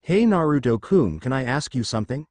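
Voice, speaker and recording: A man putting on a shy teenage girl ninja for a story reading, soft and earnest in his own near-natural voice. The sound is close and dry, with lively pitch. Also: fairly quick, no room sound, natural voice.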